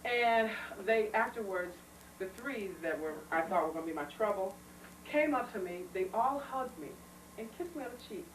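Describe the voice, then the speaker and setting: A woman speaking to a small audience, telling anecdotes with feeling and frequent laughter. She sounds far from the mic in an echoey room. A steady background noise sits under her voice. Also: mid-range voice, normal speed. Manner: chatty, emotional storytelling, laughs often. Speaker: speaker on children's literature. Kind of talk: informal talk to a small audience. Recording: echoey room recorded from afar, noisy.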